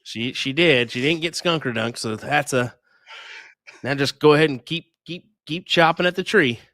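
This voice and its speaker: A man's voice: a little high, moderate pace, a bit bright, dry recording, clean studio sound. A man from Kansas doing chatty live commentary on a darts match, laughing often and using folksy sayings.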